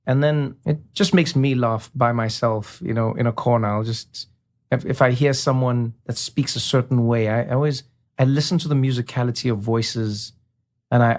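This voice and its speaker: Animated man telling stories. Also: medium pitch. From South Africa. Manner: animated, slips into voice impressions. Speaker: interview guest. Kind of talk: conversational storytelling.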